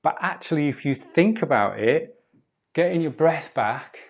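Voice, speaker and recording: A man leading a live online qigong and breathwork class, giving calm, drawn-out guiding cues over a video call. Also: a little high, creaky.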